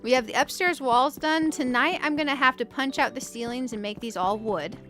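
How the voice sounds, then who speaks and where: Soft music plays behind a woman whose slightly bright voice sits high, moving at a moderate pace. Hosting a relaxed let's-play on her gaming channel, she talks to viewers as she builds, musing aloud with playful self-mockery.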